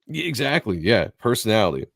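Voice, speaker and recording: A man's voice: fairly low pitch, sing-song, a little fast, gravelly, fairly bright tone, no room sound, clean studio sound. A man hosting a live stream, chatting in a laid-back way and tripping over his words now and then. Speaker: host. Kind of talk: casual chat.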